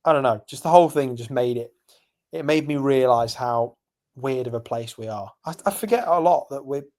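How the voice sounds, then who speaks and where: A young man from England, co-hosting a podcast and telling stories animatedly, jumping from loud to hushed. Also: mid-range voice, brisk. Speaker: podcast co-host. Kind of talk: casual chat.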